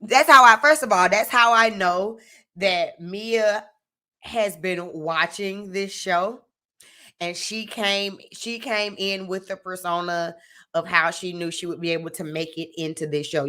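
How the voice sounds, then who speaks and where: Young woman, bright voice, chatty live-stream recap host, loose and conversational, keeps checking in with viewers. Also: lowish voice. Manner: chatty, addresses viewers directly, frequent "like" and "you know what I'm saying".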